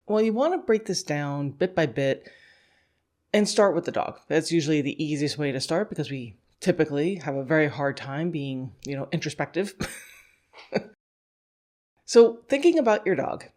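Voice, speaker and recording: A woman's voice: low voice, a little mellow. A woman hosting a dog-training podcast, talking casually and laughing often as she acts out a dog's thoughts in little quoted voices. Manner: conversational, thinks aloud with "you know" and "like". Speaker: dog scent work instructor and podcast host. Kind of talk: casual instructional podcast talk.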